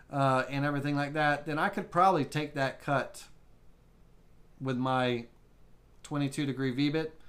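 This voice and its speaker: A man teaching a live CNC software tutorial, thinking aloud with restarts as he works through settings. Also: a little high. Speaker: woodworking CNC instructor.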